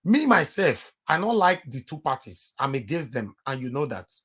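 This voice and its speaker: A man with a Nigerian Pidgin accent talking politics in casual chat, calm and measured. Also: medium pitch, husky. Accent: Nigerian Pidgin English.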